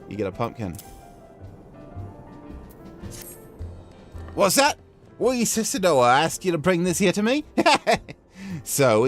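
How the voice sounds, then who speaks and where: Guy doing a loud hearty tavern keeper voice, pitched way up, folksy brogue. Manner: hearty, folksy, rolling delivery.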